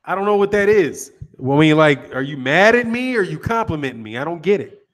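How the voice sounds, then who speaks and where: Laid-back male host with a higher-pitched voice, casual joking chat with viewers. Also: very animated, fairly quick, a bit bright. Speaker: boxing channel host.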